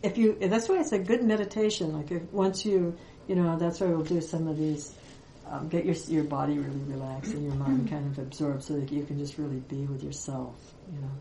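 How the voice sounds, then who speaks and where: A woman spiritual teacher giving a reflective Vedanta talk, with many pauses and fillers. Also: low-pitched, fairly even intonation, mellow, echoey room, a little hiss or hum, poor audio.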